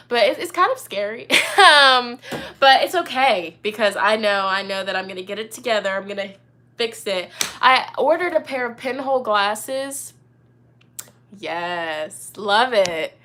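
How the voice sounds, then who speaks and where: A woman's voice: medium pitch, animated, unhurried, bright, forceful tone, slight background noise. A young woman hosting a casual live chat as a tarot reader, talking in an upbeat, rambling way full of "you know" and "like". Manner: chatty, upbeat, lots of fillers like "you know" and "like".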